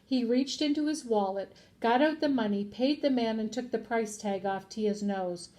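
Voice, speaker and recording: Her voice fairly high and her pace moderate, a woman teacher reads a picture book aloud for children. She performs the characters' voices expressively and asks her listeners questions as she goes.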